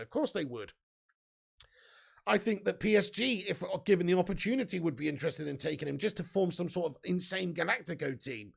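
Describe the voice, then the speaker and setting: A man's voice: sits high, lively intonation, fast talker, gravelly. A young man hosting a live fan news stream, chatty and reading out viewer comments. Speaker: fan channel host.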